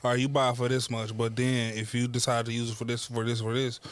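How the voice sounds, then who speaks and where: Casting note: fast-talking man, podcast co-host, persuasive dealmaker tone. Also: mid-range voice, little pitch movement, slight background noise. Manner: quick, persuasive, negotiating tone. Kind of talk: casual chat.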